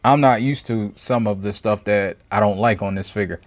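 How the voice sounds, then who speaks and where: A man's voice: lowish voice, normal speed. Rambling man reviewing a toy. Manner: rambling, thinks aloud, frequent self-corrections. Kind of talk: casual product review. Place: home review set with a table.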